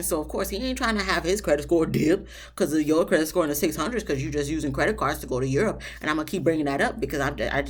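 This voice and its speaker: Woman, reality TV recap vlogger, casual commentary, slightly low voice, opinionated, talks straight to the couples. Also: fast, breathy edge. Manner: chatty, opinionated, jumps to high emphatic pitch when addressing the couples; talks straight to the people on the show, laughing at her own asides.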